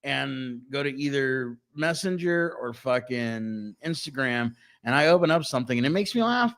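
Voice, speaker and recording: A man co-hosting a podcast, telling stories in casual chat with lots of swearing and halting restarts. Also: mid-range voice. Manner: animated, profane storytelling with halting restarts. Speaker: podcast co-host.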